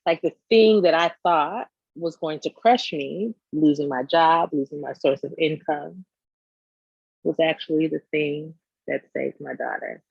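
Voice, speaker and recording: Woman guest spilling a candid story, animated, a little gravelly, dull lo-fi dry sound. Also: low-pitched, measured pace, no room sound. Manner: candid, animated, acts out scenes. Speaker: business owner guest. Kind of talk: personal storytelling in an interview.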